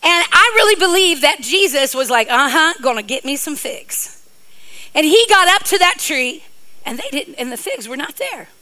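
A woman's voice: very high-pitched, very animated, normal speed, bright, forceful tone, low-quality recording. A middle-aged woman preacher giving a sermon, playful and joking, with rambling asides to her congregation.

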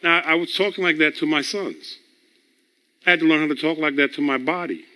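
A man delivering a conversational sermon with a bright, forceful voice that sits a little high for a man. He teaches through personal stories, chuckles between thoughts and circles back over words as he gets his point out. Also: steady tone, a little fast. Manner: chuckles often, repeats words as he builds a point; storytelling, teaching tone. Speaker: preacher.

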